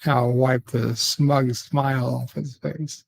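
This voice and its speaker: A man in a casual live-stream chat, deadpan and joking with a mock-sinister edge. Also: mid-range voice, slow, gravelly, a little hiss or hum.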